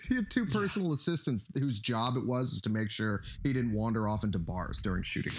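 A man tells film trivia and crude jokes to his friends. His pitch swings widely as he talks. His voice sits at an ordinary pitch. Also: expressive, a little fast, slightly rough. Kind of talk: casual movie review chat.

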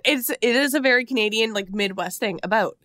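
A woman from Minnesota hosting a podcast, chatting in a lively, giggly way with her guests. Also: fairly high pitch, fairly quick, dry recording, clean studio sound. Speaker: podcast host. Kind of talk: casual chat interview.

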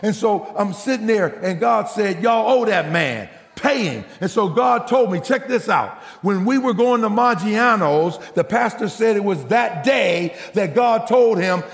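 Gravelly animated preacher man. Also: high-pitched, a little slow, hardly any pauses, long reverb tail. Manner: animated storyteller, acts out quotes, shouts punchlines. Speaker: pastor. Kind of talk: sermon storytelling.

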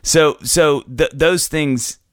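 A man's voice: a little high, slow pace, no room sound, clean studio sound. A middle-aged man chatting casually as an interview guest, rambling, restarting his sentences and often laughing. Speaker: podcast guest, musician.

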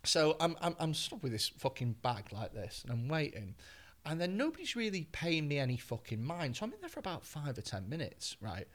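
A man, a comedian guest telling an anecdote in an animated, expletive-laden way on a podcast. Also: a little high, a little fast.

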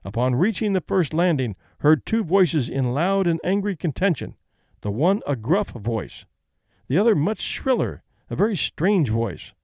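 Male audiobook narrator, slightly higher voice, lively inflection, dry close recording. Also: unhurried, no room sound. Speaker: audiobook reader. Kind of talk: scripted narration.

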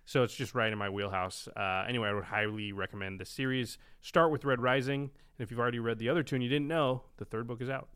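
A man's voice: medium pitch, steady tone, quick pace, few pauses, fairly bright tone, clean tone. A man co-hosting a casual podcast, joking, laughing often and recommending things. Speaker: podcast co-host. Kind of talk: casual chat.

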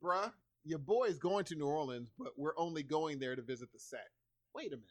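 A man co-hosting a casual podcast who talks in a playful, animated way and laughs often. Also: fairly high pitch, a little fast. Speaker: podcast co-host. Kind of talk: casual chat.

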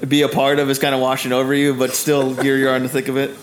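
A man's voice: medium pitch, monotone, quick pace, soft background music. A man running a tabletop game as dungeon master, narrating combat loosely with fillers and laughs.

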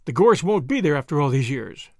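A man's voice: fairly high pitch, sing-song, a little fast, a little mellow, dry recording, clean studio sound, voice pushed down. A man voicing an earnest, uneasy young Englishman who speaks in a clipped, anxious way.

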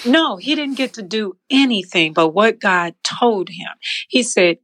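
A woman telling her personal testimony in an interview, animated, acting out the voices in her story and laughing often. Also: mid-range voice, a little slow. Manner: animated, acts out quoted voices. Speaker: interview guest.

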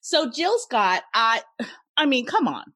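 A woman's voice: a little high, sing-song, unhurried, sharp tone, no room sound, studio quality. A woman hosting a podcast, talking with an enthusiastic, chatty manner. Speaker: podcast host. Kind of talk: casual podcast chat.

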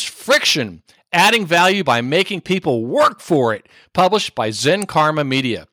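A man's voice: mid-range voice, big pitch swings, normal speed, a bit bright, no room sound, clean studio sound. A man hosting a podcast, reading a playful scripted introduction and chatting with a guest, laughing easily. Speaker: podcast host.

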